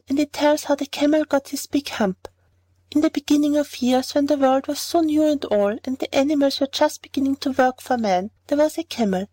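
A woman narrating a storybook fable in a clear, even reading voice. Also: sits high, no room sound. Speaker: audiobook narrator.

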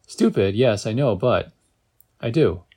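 A man's voice: on the low side, animated, measured pace, warm tone, breathy edge. A man doing a wry, queasy young guy. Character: sick, wry young man with aching head.

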